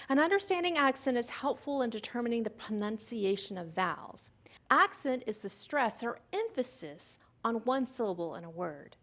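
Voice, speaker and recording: A woman's voice: a little high, gravelly. A woman giving a recorded lecture on syllables and phonics, explaining step by step and asking the listener questions. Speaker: literacy presenter.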